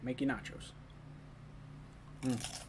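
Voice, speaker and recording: A man's voice: mid-range voice, flat delivery, slow, slightly rough. A young man hosting a casual live stream, chatting loosely, reading chat messages and talking while eating.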